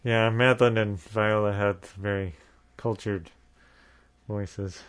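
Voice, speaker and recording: A man's voice: lowish voice, steady tone, clean tone. A man with a central New York accent, teasing his brother in casual podcast chat. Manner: wry, teasing, quick banter. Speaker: podcast co-host.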